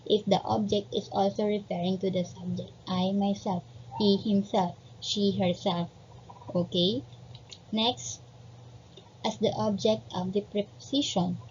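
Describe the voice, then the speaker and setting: A slow-paced woman teacher walks through grammar rules with patience, saying each example sentence twice and checking in with "okay" often. Her voice sounds a little dull and lo-fi, with faint noise underneath. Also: mid-range voice, steady tone, darkish tone. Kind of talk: grammar lesson. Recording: slightly dull lo-fi recording.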